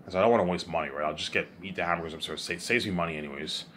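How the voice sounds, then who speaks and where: A man's voice: deep voice, rapid-fire, fairly bright tone, slight background noise. Rambling young man vlogging. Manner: stumbles and repeats words, often asks whether the listener follows. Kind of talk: rambling casual monologue.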